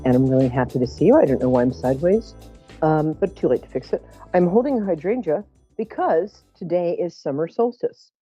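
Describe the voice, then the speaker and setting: A woman's voice: low voice, warm tone, dry recording. A middle-aged woman hosting a live psychic call-in show, chatting in a self-mocking, joking way.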